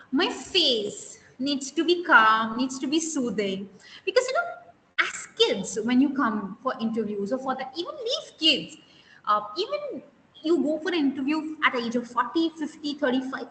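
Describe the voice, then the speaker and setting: A woman's voice: high voice, fairly bright tone. A woman teaching an online interview skills class, stressing key words and quizzing her students. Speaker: soft skills interview trainer. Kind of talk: live online class lecture. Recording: echoey room with long reverb, faint hiss.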